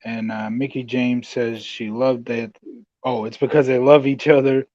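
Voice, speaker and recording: A man's voice: medium pitch, little pitch movement, a little slow, darkish tone, no room sound. Man recapping on a dull, dry mic. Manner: recaps events, steers the talk. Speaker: podcast host. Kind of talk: casual wrestling podcast chat.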